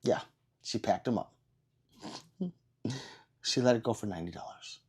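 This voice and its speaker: A man's voice: lowish voice, normal speed, darkish tone, slightly rough. A man hosting a casual livestream, reading viewer comments in a rambling, self-deprecating way with frequent restarts. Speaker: livestream host.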